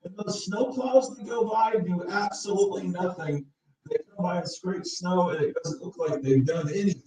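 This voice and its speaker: A man's voice: high-pitched, normal speed, mellow, rough recording. A man in his fifties hosting a casual live-stream chat, rambling and opinionated, chuckling as he reminisces. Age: 50s. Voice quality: husky. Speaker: show host.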